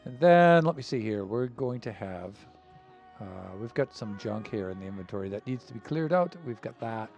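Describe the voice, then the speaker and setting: A man streaming a game live, talking in an easygoing, rambling way with lots of fillers and soft chuckles. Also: medium pitch, expressive, moderate pace, dull audio, faint music behind.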